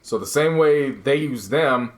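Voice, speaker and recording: A man co-hosting a podcast in relaxed, casual talk, with a mid-pitched voice. He tells stories with quick asides. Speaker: podcast co-host. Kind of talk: casual chat.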